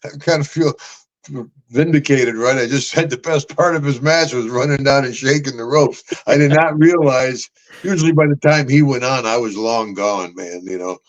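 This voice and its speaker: A man's voice: mid-range voice, moderate pace, muffled recording. An older man hosting a podcast, rambling through stories with laughs and calling people brother and man. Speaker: podcast host. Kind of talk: casual storytelling chat.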